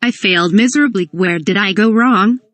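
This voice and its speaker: A woman's voice: medium pitch, moderate pace, a bit bright, no echo, natural voice. A woman voicing an exasperated, nagging middle-aged mother scolding her grown son. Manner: nagging, indignant.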